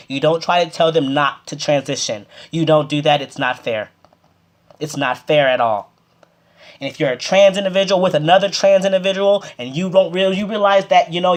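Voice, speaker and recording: A vlogger talking straight to the camera in a heated, impassioned way. The voice scolds with emphatic repetition and pushes up to loud, forceful peaks. Between those peaks it settles back into a steady, lower tone. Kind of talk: direct-to-camera advice rant.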